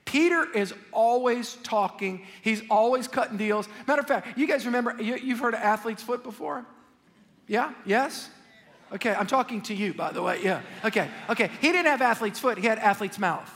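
A male pastor preaching a sermon in an animated, joking way, talking straight to the congregation. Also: very high voice, normal speed, in a large hall. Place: church sanctuary.

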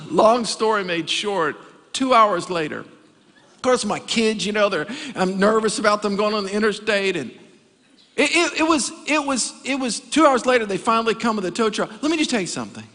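Animated high-voiced pastor preaching. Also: male voice, moderate pace, big-room sound. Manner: animated storytelling with comic asides. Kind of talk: sermon. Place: church sanctuary.

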